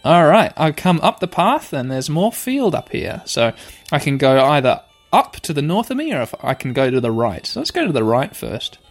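Excitable man narrating a video game. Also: on the high side, normal speed. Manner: playful, excitable, reads game text aloud. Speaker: game player. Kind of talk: let's play commentary. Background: faint game music.

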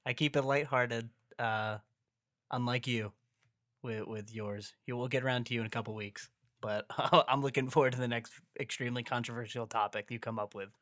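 A young man co-hosting a casual sports podcast, lighthearted and quick to laugh. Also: mid-range voice, fairly even intonation, fairly bright tone, dry recording, clean studio sound. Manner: laughs often, lighthearted teasing. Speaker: podcast co-host.

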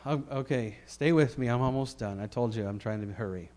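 A middle-aged man preaching a sermon in a conversational, animated way, swinging between loud declarations and quiet asides. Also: mid-range voice, brisk.

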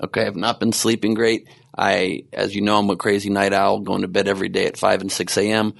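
A man's voice: lowish voice, flat delivery, a little fast, vocal fry. A man hosting a podcast in casual, rambling chat, joking at his own expense and sleep-deprived. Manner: rambling, self-mocking, jokey asides. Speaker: podcast host.

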